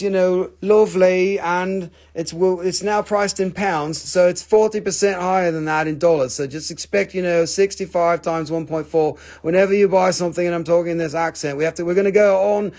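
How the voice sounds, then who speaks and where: Guy putting on a posh english accent, all proper and fake-formal, kinda high. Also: a little mellow. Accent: put-on English accent. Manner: mock-proper, joking sales pitch.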